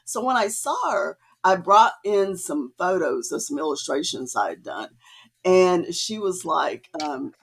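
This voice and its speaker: A woman's voice: fairly low pitch, sing-song, unhurried, husky. A woman artist, a podcast guest, telling her story in a casual, chatty way with many fillers. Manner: chatty, many fillers, acts out quoted dialogue.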